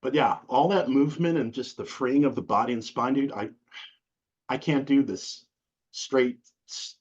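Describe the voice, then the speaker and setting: A middle-aged man chats as an interview guest, acting out quotes as he tells animated stories. His voice is husky and slightly breathy. The recording sounds dull and lo-fi. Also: medium pitch, moderate pace. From New England. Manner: animated storytelling with acted-out quotes, casual slang. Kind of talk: casual interview conversation.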